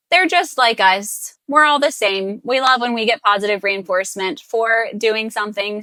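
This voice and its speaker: Bright-voiced woman speech therapist teaching parents. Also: a little high, no room sound. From Southern US. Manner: patient, explains step by step, repeats key points. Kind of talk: instructional talk to parents.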